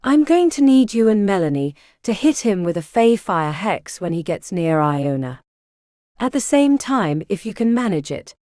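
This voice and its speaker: A woman's voice: medium pitch, sing-song, moderate pace, warm tone, no room sound, clean studio sound, close to an everyday voice. A woman reading the part of a determined young female mage who lays out a battle plan in an audiobook.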